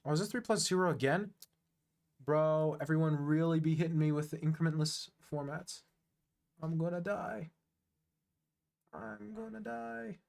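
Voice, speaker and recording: A man streaming online chess, chatting casually and thinking aloud, quick to make fun of his own play. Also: on the high side, fairly even intonation, a little mellow. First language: English. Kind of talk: casual live-stream commentary.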